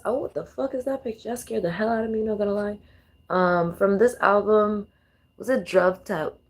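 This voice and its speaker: A woman vlogger talking casually and profanely as she reacts to songs, thinking aloud with many restarts. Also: on the low side. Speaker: tarot and astrology vlogger. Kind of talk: casual commentary while playing songs.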